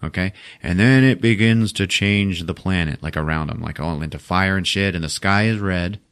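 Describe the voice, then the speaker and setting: A man's voice: low voice, normal speed, a bit bright, clear, resonant tone. A man hosting a podcast, casually retelling a movie plot in a loose, profane way and laughing often. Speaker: podcast host.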